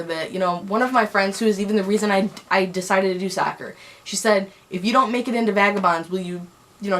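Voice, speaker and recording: A young woman telling a personal story on a vlog, angry and heated, rambling with many restarts. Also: mid-range voice. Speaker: vlogger.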